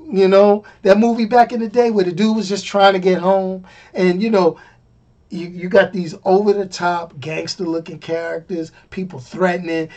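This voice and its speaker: A man giving a casual spoken movie review. He talks emphatically, repeats phrases for effect, laughs often, and swings between loud bursts and quiet asides. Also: sits high.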